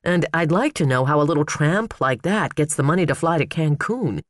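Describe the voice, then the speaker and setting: In an audiobook, a man voices a fussy male attorney who pouts and complains in a whiny mood. His voice is fairly high and expressive at a moderate pace, recorded dry with studio quality, close to an everyday voice.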